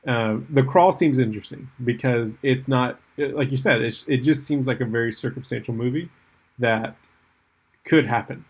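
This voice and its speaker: A man co-hosting a podcast in casual chat, jokey and quick to riff on silly ideas. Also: medium pitch, breathy edge. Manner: jokey, riffs on silly scenarios. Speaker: podcast co-host.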